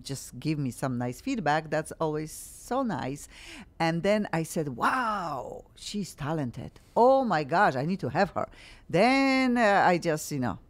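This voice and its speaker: Lady hosting, deep voice that swings all over, gushy and chatty. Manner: effusive, gushing compliments with frequent laughs. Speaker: host. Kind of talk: casual chat.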